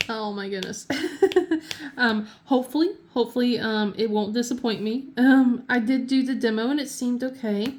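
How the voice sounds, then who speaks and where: A woman's voice: fairly high pitch, slight background noise. Giggly chatty woman crafter. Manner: chatty and giggly, many fillers and restarts. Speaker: craft channel host. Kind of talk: casual chat while crafting. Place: home craft desk.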